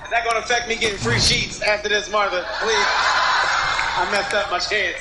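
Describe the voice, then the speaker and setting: A man doing an impression of a brash male comedian, roasting someone with shouted, profane stand-up delivery. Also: high voice, steady tone, normal speed, a loud crowd, lightly acted, rough recording. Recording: loud background noise.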